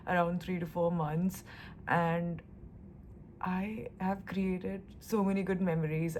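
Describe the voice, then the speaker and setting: A young woman from India chats to camera in a casual vlog, gushing and emotional as she talks. Her voice sits a little low for a woman. A faint room ambience hums behind her. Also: a little hiss or hum. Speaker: lifestyle vlogger.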